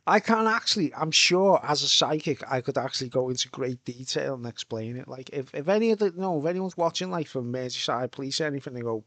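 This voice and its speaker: Talking fast with hardly a pause, this middle-aged livestreamer rambles casually from home, cursing and laughing freely. His mid-range voice is expressive and fairly bright, with no room sound.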